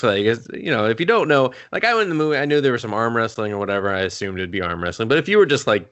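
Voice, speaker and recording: Bright-sounding guy, super lively pitch, laughing through a movie chat. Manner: expressive, laughs often, quotes scenes. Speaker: podcast co-host. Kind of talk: casual movie review chat.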